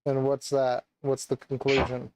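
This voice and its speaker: A man's voice: medium pitch, monotone, a little slow, darkish tone, no room sound, rough recording. A young man co-hosting a casual chat, rambling and hesitant with many fillers and restarts. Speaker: podcast co-host.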